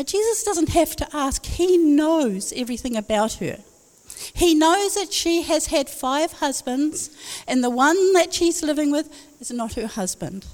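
A woman's voice: sits high, a little mellow. A woman preaching a sermon, telling stories in a conversational way with wry asides. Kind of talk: sermon with storytelling. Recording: long hall reverb.

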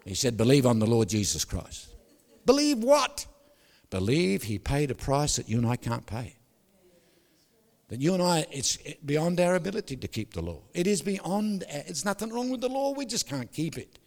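A man preaching a sermon as a pastor, animated and joking, often asking the congregation to agree. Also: on the high side, normal speed, gravelly, big-room sound. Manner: animated storytelling with jokes, asks the crowd "is that right?".

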